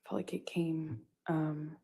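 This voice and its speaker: A woman giving courtroom testimony in a halting way, with many restarts and pauses. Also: sits low, level tone, vocal fry, warm tone, slightly rough. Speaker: witness testifying.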